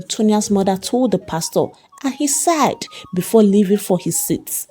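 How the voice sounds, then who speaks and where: Lively woman storyteller, warm voice. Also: medium pitch, moderate pace, breathy edge, faint music behind. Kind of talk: scripted narration.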